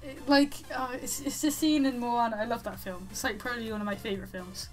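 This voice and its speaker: A woman's voice: on the high side, fairly even intonation, fairly quick, soft background music. A woman on an online voice call, chatting casually and laughing often. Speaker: co-host on the stream. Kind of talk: casual chat.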